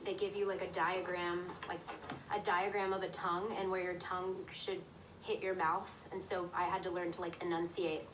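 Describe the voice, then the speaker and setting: A young actress from Tennessee, in the US South, answers interview questions about herself in a breezy, self-deprecating way with a neutral accent. Her voice is lowish and level at a moderate pace. The clip sounds distant, with a faint hiss.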